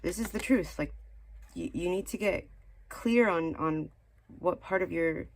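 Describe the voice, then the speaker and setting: A woman's voice: fairly low pitch, unhurried, slight background noise. A woman giving a casual spiritual tarot reading, chatty and rambling with many fillers and restarts, earnestly nudging the listener. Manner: earnest, mildly scolding encouragement. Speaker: tarot card reader.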